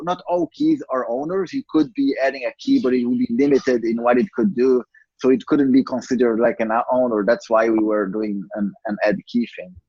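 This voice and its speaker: A man's voice: mid-range voice, darkish tone, husky, dry recording. A man on a video call explaining a design idea, restarting phrases and repeating words. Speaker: developer on a community call. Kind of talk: technical discussion. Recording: dull, dry lo-fi video call audio.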